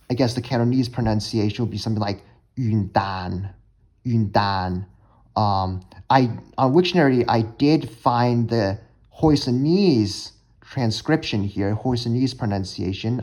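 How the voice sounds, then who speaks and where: A man's voice: fairly low pitch, a little mellow. A young man casually explaining vocabulary and pronunciations in a language-learning lesson, talking with many fillers and restarts. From United States.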